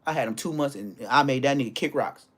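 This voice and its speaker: Male streamer, mid-pitched, brash and profane, with street-slang storytelling that swings from hushed to loud. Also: fast talker. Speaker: livestream host. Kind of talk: casual profane livestream rant.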